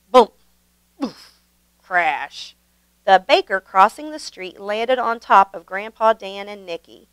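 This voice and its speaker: A woman hosting her channel and reading a children's picture book aloud in a gentle, expressive way. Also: medium pitch, unhurried, clear, resonant tone, no echo, rough recording. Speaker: storybook reader, channel host.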